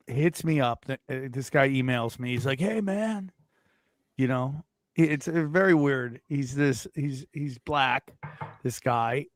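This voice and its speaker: A man's voice: mid-range voice, dry recording, clean studio sound. A man co-hosting a comedy podcast, telling a story in casual chat and putting on voices for the people in it. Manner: animated, puts on voices for people in his stories. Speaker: podcast co-host.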